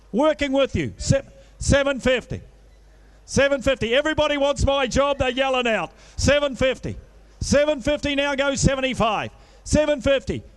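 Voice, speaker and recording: A man working as an auctioneer, calling a live sale with a rapid-fire bid chant broken by coaxing sales patter. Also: very high voice, clear, resonant tone.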